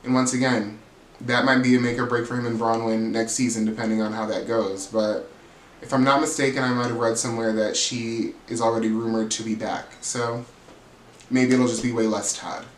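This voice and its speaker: A man's voice: mid-range voice, flat delivery, brisk, echoey room, a little hiss or hum, poor audio. A man giving a casual, gossipy, profane recap of a reality TV episode, sassy and chatty as he talks straight to his viewers. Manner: sassy, profane, chatty, calls people "girl".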